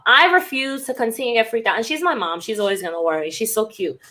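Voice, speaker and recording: A woman's voice: fairly high pitch, lively intonation, fast talker, hardly any pauses, bright, forceful tone. A woman podcast host and cult recovery coach in a candid, rambling casual monologue who swears freely.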